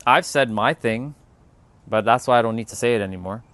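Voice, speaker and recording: A man riffs loosely to his live chat, often stopping mid-word to start again. His talk sits at an ordinary middle pitch. The delivery is candid and unscripted. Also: fairly quick, a bit bright, no room sound. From Canada. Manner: rambling, restarts words, loose and candid. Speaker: livestreamer talking to chat. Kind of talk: casual live-stream chat.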